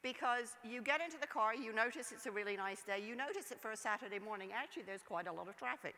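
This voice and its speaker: A woman's voice: a little high, lively intonation, fast, sharp tone. A woman delivering a conference keynote address in an emphatic style, putting rhetorical questions to the audience. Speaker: keynote speaker. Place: large conference hall. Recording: long hall reverb.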